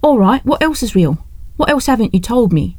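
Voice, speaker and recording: A woman's voice: on the high side, very animated, brisk, no room sound, voice pushed up. A woman voicing a fiery, frustrated young woman who talks back indignantly. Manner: indignant, sharp-tongued. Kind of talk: audiobook character reading.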